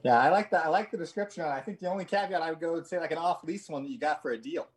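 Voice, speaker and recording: A man's voice: on the high side, racing, slightly rough. A man co-hosting a radio show, joking and wry. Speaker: radio co-host. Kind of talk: casual radio talk.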